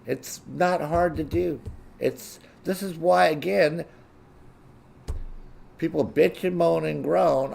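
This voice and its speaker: A man's voice: a little high, animated, a little slow, creaky, a little mellow, slightly rough. A man hosting his own show, delivering a blunt, profane rant and mimicking other people in a raised voice. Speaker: show host. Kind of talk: profane ranting monologue.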